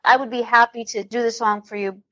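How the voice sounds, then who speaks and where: A woman's voice: fairly high pitch, flat delivery, a little fast, bright, forceful tone, dull audio. A woman, a comedian guest on a podcast, talking in a rambling way with many restarts. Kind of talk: casual interview.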